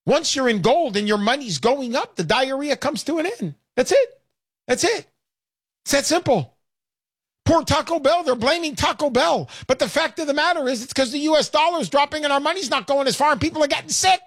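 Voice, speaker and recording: A man hosting a call-in show, pitching with brash, hard-selling talk and lots of repetition. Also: lively intonation, brisk, a bit bright, dry recording, clean studio sound. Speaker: radio show host.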